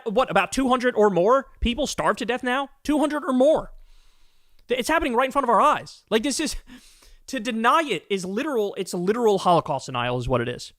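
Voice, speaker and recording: A man's voice: high-pitched, a bit bright, no echo, studio quality. A man hosting a political commentary show, ranting angrily and emphatically with lots of profanity.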